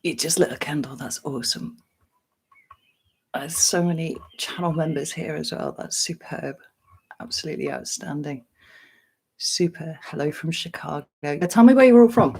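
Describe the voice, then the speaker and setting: A middle-aged English woman hosting a casual live stream, greeting viewers by name and clearing her throat often. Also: sits low, moderate pace, pauses often, darkish tone. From England.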